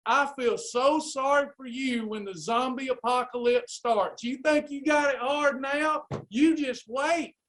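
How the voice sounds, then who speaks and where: High-voiced fired-up man coaching. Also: steady tone, measured pace, hardly any pauses, a bit bright. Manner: fired-up preacherly exhortation. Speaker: weight loss coach. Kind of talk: live class pep talk. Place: online live class.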